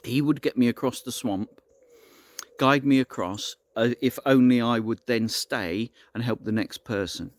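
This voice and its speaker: A man's voice: medium pitch, a little slow, no echo. A man telling an improvised story in a casual, rambling way, often restarting his sentences.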